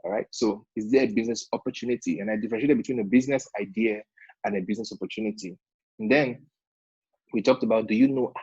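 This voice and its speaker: A man's voice: lowish voice, fast, mellow, slightly rough, no echo. A man, coaching would-be entrepreneurs in a seminar talk, emphatic and repeating his points, often checking in with "all right?". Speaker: business funding coach. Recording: dull lo-fi sound.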